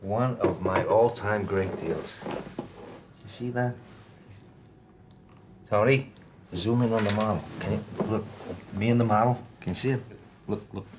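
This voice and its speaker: An actor playing a brash, boastful middle-aged tycoon with a New York accent, bragging and interrupting in a parody comedy film. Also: male voice, lowish voice, unhurried, pauses often, background noise, lightly acted. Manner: bragging, bossy, interrupts constantly.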